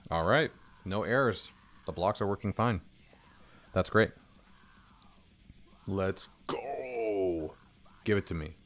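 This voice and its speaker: Low-voiced man muttering through code. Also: expressive, slow, pauses often, a bit bright, soft background music. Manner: muttering to himself, casual swearing. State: hoarse. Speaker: indie game developer streaming. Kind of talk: casual live coding stream.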